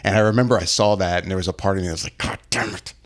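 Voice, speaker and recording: A man's voice: sits low, steady tone, very fast. A man hosting a podcast, ranting in a casual, profane way. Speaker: podcast host. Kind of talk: casual chat.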